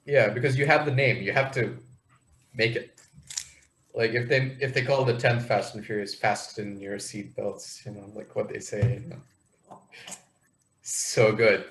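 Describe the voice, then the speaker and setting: A man co-hosting a podcast, telling rambling stories in a casual, animated way. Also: medium pitch, measured pace, pauses often, a little hiss or hum, poor audio. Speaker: podcast co-host. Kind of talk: casual chat.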